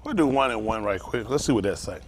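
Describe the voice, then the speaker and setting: A man's voice: fairly low pitch, expressive, quick pace, slightly rough. A man preaching an informal sermon, telling a story and acting out both sides of it with lots of laughter. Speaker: pastor.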